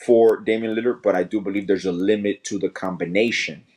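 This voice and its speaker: A man co-hosting a casual sports podcast, talking in a relaxed, measured way. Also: on the low side. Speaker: podcast co-host.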